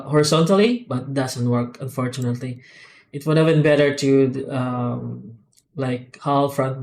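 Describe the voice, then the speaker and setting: A man at an ordinary middle pitch demonstrates his software add-ons step by step. He speaks unscripted and methodically, breaking off often with "uh" and "um" and starting phrases over. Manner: halting, unscripted, with frequent "uh" and "um" pauses and restarts; methodical, explanatory walkthrough. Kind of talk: screen-recorded software tutorial.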